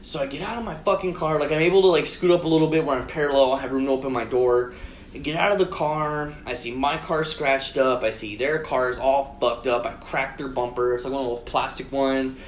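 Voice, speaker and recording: A man co-hosting a podcast, telling a story in casual chat, swearing constantly and acting out his own shouted lines. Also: mid-range voice, steady tone, fairly quick. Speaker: podcast co-host. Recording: roomy echo.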